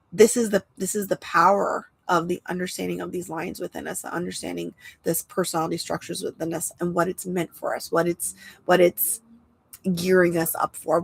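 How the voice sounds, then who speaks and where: Earnest nasal woman with a gravelly edge. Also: medium pitch, no room sound, rough recording. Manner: earnest, passionate, repeats phrases for emphasis. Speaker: human design coach and show host. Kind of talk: casual teaching monologue. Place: outdoors.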